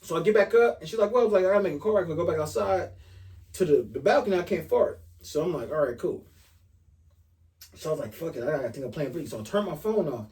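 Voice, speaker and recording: A man casually telling an animated, profane story on a podcast, acting out the dialogue as he goes. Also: high-pitched, fast. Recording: voice a bit far from the mic.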